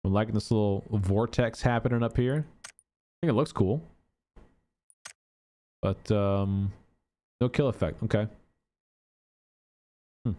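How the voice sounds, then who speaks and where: A man's voice: lowish voice, unhurried, pauses often, warm tone. A man giving casual gameplay commentary as a gaming YouTuber, thinking aloud in a chatty way with many filler words.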